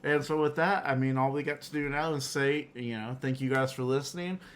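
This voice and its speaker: A man's voice: medium pitch, fairly even intonation, a little fast. A man co-hosting a casual podcast chat, steering the talk in a laid-back, agreeable way. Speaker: podcast co-host.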